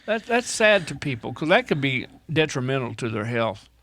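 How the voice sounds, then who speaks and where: A man's voice: medium pitch, very animated, moderate pace, fairly bright tone, dry recording. A man from Indiana co-hosting a podcast, joking and rambling playfully. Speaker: podcast co-host. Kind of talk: casual podcast chat.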